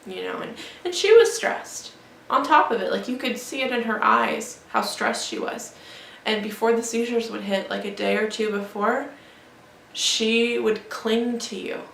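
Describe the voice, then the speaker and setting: Grieving woman with a creaky voice. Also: a little high, fairly bright tone. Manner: halting, grieving, many restarts and fillers. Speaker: vlogger. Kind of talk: emotional personal storytelling. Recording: echoey room with faint background noise.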